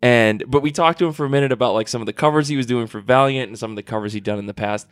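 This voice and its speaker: A man's voice: medium pitch, very fast, smooth, dry recording, studio quality. A man hosting a podcast, chatting casually and rambling with laughs and swearing. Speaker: podcast host. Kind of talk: casual chat. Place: convention floor.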